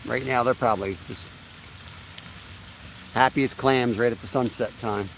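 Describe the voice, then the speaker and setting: Streaming live from a creek, a thirtysomething fishing host keeps the chat relaxed and laughs a lot. He speaks in a mid-range voice with fairly even intonation at a moderate pace, though the audio is poor and has slight background noise.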